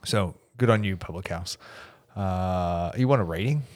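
Male podcast co-host, low voice, laid-back casual chat, trailing off softly. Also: unhurried.

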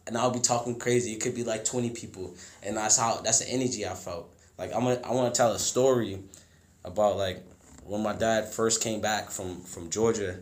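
A man's voice: fairly quick, reverberant. Slangy young man telling a story. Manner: animated, slangy, acts out quotes in a much higher louder voice. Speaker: podcast guest telling a story. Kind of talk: casual storytelling chat.

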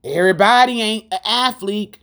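A woman's voice: mid-range voice, normal speed, a bit bright. Fervent woman preaching an informal sermon. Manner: fervent, preachy, rhythmic and repetitive; addresses listeners directly with rhetorical questions. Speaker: Christian speaker.

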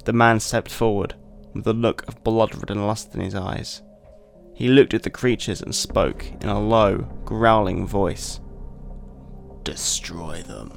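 Male host with a gravelly, fry-laden voice, reading a dark tale slowly and deliberately, faint music underneath. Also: fairly low pitch, steady tone. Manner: measured, deliberate storytelling delivery. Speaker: podcast host. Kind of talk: dramatic reading of a short story.

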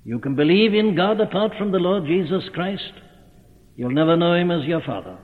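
Earnest preacher on thin old tape. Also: male voice, sits high, lively intonation, moderate pace, phone-quality sound. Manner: earnest, rising to fervent cries. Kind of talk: sermon. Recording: phone-thin old sermon tape in a reverberant hall.

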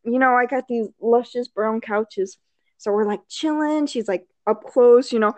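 Chatty woman guest, high-ish voice, dry room sound; rambling anecdote with fillers and laughter. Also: unhurried, darkish tone, no echo. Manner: rambling, filler-heavy, laughs often, acts out quotes. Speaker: storyteller on a chat show. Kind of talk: casual storytelling chat.

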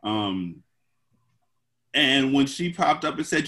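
A man co-hosting a movie podcast who keeps his talk animated and jokey, leaning on slang. His voice sits at a middling pitch. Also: slow pace, long pauses. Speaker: podcast co-host. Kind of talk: casual movie discussion.

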